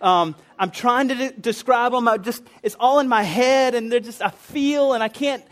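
Man doing a lovestruck young woman voice, very high, breathless, fumbling for words, gushing. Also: moderate pace. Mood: flustered.

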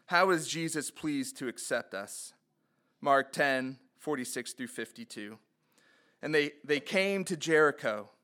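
A man with a slightly high, pushed and bright voice preaches a sermon, reading scripture aloud and posing earnest rhetorical questions to listeners. His fervor rises on the quoted cries.

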